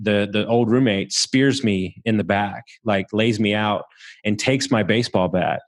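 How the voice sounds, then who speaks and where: A man from Southeast Texas tells his story in a low, relaxed register. He swears freely and chuckles along the way, with the easy tone of a podcast guest. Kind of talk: casual storytelling.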